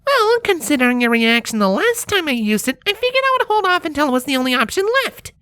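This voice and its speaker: A man voicing a clever young female unicorn mage with brisk, matter-of-fact, snippy replies in a fan story reading. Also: extremely high pitch, big pitch swings, sharp tone, no room sound, voice pushed up, heavily acted. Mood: defensive. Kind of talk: audiobook fanfiction reading.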